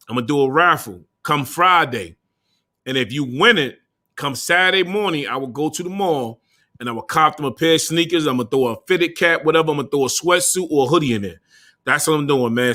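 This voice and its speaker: Young male livestream host, bright forceful tone, slightly higher voice, loose slangy banter. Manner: loose slangy banter, swearing, calling out to viewers. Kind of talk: casual livestream chat.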